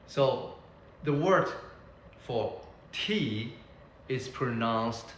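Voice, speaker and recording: A man teaching beginners Mandarin, repeating each word slowly so learners can copy it. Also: medium pitch, expressive, fairly bright tone, roomy sound, a little hiss or hum, rough recording. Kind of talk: beginner language lesson.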